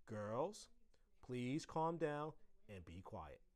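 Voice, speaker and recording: A patient schoolteacher from a storybook calmly tells two children to settle down, as a man reading aloud voices her. She speaks slowly and evenly, with quiet authority. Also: medium pitch. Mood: firm. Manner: calm and firm. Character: calm, firm female schoolteacher.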